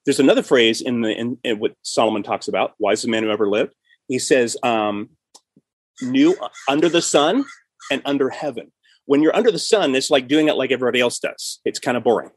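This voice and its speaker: Animated man with a husky voice. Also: mid-range voice, a little fast, no room sound. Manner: animated, restarts and repeats often. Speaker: podcast host and writer. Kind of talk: casual chat.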